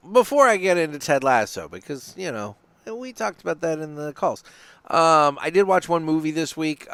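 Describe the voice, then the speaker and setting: A man's voice: medium pitch, clean tone, no echo. A man hosting a cigar podcast in casual chat, rambling, swearing and restarting his sentences as he talks about what he has been watching. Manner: rambling, profane, animated, many restarts. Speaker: podcast host. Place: small studio. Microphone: studio microphone.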